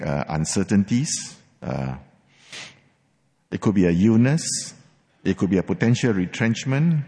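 A man preaching a sermon, measured and emphatic, slowing down to stress key phrases and repeating words for force. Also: lowish voice, a little mellow. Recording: long reverb of a large hall.

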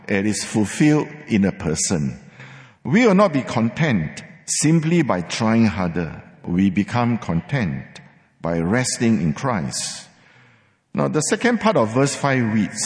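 A man's voice: lowish voice, darkish tone. A man preaching a sermon, emphatic, repeating words for stress, with some fillers. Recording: long hall reverb.

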